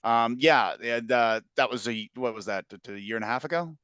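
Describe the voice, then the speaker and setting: A man's voice: mid-range voice, fairly quick, a bit bright, dry recording, highs cut off. Jokey man reading out comments. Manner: laughs often, jokey, reads comments aloud. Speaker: podcast co-host reading listener comments. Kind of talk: casual chat.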